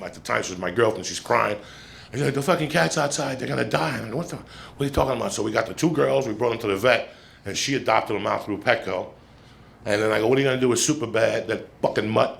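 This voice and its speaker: A man doing stand-up, telling a long story in a blunt, profane, conversational way. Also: medium pitch. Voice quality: gravelly. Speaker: stand-up comedian. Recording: played clip with steady background noise.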